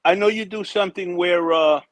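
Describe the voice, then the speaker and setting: A man talking as a livestream guest, halting and emphatic, repeating his words. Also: high voice, a bit bright, no room sound. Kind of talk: casual livestream chat.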